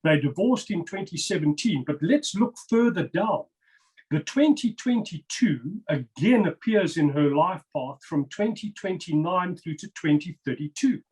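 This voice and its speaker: A man's voice: fairly high pitch, animated, measured pace, darkish tone, poor audio. Emphatic man explaining number patterns. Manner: emphatic and insistent, repeats words for stress. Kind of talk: interview, explaining over slides.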